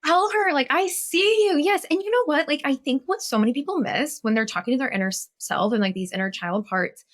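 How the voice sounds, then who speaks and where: A woman therapist talking as a podcast guest. Her voice sits a little high, and she affirms the other speaker with lively, encouraging energy. She is warm and engaged in the conversation. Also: quick pace. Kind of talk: casual conversation.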